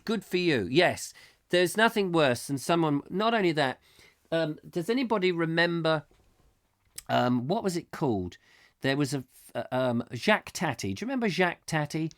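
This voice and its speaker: A man's voice: on the high side, very animated, normal speed, fairly bright tone. A man, hosting a live comic chat show and telling a meandering story full of restarts. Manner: meandering, with many restarts, acting out scenes. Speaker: host.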